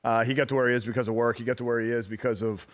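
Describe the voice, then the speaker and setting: A man in his thirties, a guest on a radio talk show, telling stories in a relaxed way with many fillers and restarts. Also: medium pitch, rapid-fire. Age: 30s. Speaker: guest athlete. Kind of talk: casual radio interview.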